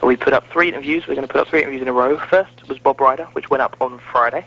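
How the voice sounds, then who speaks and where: A man's voice: mid-range voice, racing, vocal fry. A man hosting a casual wrestling podcast, chatty and self-mocking. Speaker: podcast host. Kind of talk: casual chat. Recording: muffled lo-fi audio.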